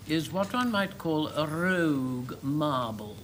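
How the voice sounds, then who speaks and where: Slow, genteel older man. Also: fairly high pitch, expressive, noisy background. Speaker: team captain. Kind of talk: panel game chat.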